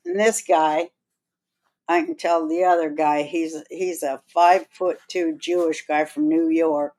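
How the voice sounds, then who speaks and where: A woman's voice: deep voice, fairly even intonation, measured pace, a little mellow, low-quality recording. A woman hosting a podcast, telling a long rambling anecdote in casual chat and acting out other people's lines as she goes. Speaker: podcast host.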